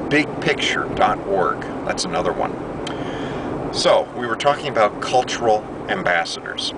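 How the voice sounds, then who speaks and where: Earnest American man talking in a car. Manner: earnest, pitching ideas, self-correcting. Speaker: English teacher. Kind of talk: rambling video monologue. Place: inside a car on a city street. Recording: distant mic with loud road noise.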